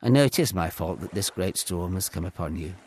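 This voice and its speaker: A man's voice: lowish voice, measured pace, creaky, a little hiss or hum. A man voicing the prophet Jonah, speaking solemnly and earnestly in prayer.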